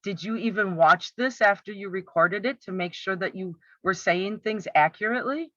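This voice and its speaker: Commentator, exasperated and sarcastic, tense bright tone, dull dry recording. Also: medium pitch, moderate pace, no echo. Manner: sarcastic, exasperated rhetorical questions. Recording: slightly muffled, dry.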